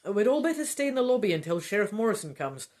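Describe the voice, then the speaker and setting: A woman voicing a practical, brisk female hotel manager. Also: mid-range voice, big pitch swings, darkish tone, close to an everyday voice.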